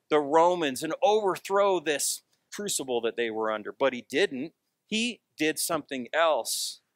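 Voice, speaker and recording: An American man preaching a sermon as pastor, telling a Bible story in an animated way and acting out the quoted voices. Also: high voice, no echo, clean studio sound.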